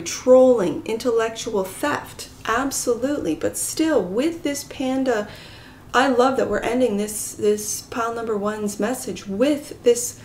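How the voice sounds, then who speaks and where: A gentle, soft-spoken woman giving a pick-a-card tarot reading to her viewers, sometimes dropping to a whisper. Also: on the high side, slight background noise. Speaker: tarot reader.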